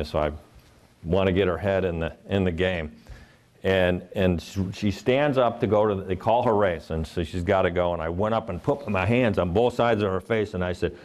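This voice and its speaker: A middle-aged man from Ohio with a deep, low voice delivers a keynote to a live audience. He tells personal stories earnestly and slips into the voices of the people in them. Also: darkish tone. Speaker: motivational speaker.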